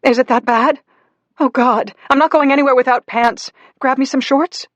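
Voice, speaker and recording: A man voicing a panicked, burned mother in an audiobook thriller, speaking high and strained. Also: fairly even intonation, normal speed, a bit bright, no echo. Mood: anxious. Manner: strained, pleading, raised pitch. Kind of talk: audiobook dialogue.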